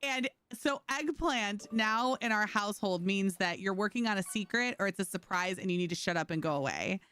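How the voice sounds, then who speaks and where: A woman's voice: medium pitch, expressive, moderate pace, a bit bright, clear, resonant tone. A woman streamer chatting casually with her viewers while playing, telling stories and laughing often. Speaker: game streamer. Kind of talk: casual livestream chat.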